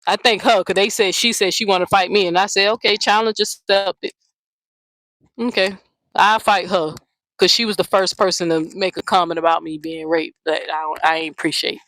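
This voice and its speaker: A woman's voice: lowish voice, steady tone, fairly quick, a bit bright, no room sound, low-quality recording. A woman hosting her own channel, delivering a blunt, profane, mocking rant straight to the camera. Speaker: channel host. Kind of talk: confrontational vlog rant.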